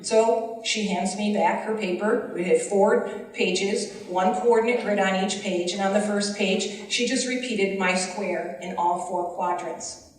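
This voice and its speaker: A woman's voice: mid-range voice, a little slow. A middle-aged woman with a Western New York accent, a teacher giving earnest public testimony at a hearing. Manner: earnest, pleading, voice rising with emotion. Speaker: special education teacher testifying. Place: large hall, heard from a distance. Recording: echoey hall, mic far off.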